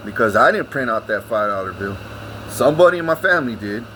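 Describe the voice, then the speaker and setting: A man's voice: medium pitch, expressive, fast, pushed and bright, slight background noise, poor audio. Profane, rambling man. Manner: profane, rambling, repeats himself. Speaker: vlogger. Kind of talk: casual ranting monologue.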